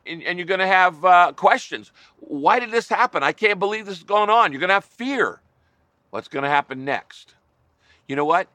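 A man's voice: a little high, bright, forceful tone, dry recording. A man pastor preaching a sermon, emphatic, driving home points with repeated lists.

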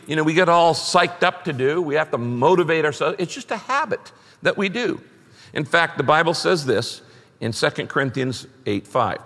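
A man's voice: on the high side, a bit bright, long reverb tail. A middle-aged man preaching a sermon, emphatic and repeating his key phrases as he reads scripture aloud. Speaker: pastor.

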